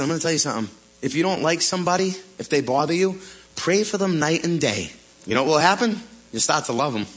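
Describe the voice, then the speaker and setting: A man preaching with a very high, bright, slightly husky voice. He acts out scripture as lively dialogue, punching phrases and then dropping low. The sound is that of a pastor delivering a sermon in church. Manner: animated preaching, acting out the apostle's words.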